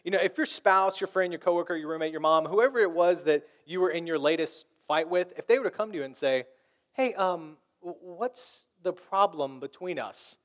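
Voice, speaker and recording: A man pastor preaching a lively sermon, acting out the voices of arguing people. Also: on the high side, fast, few pauses.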